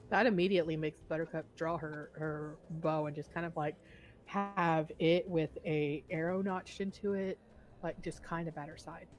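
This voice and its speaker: Female player, casual and hesitant, lower voice. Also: fairly even intonation, moderate pace, a little hiss or hum, rough recording. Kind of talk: casual tabletop play.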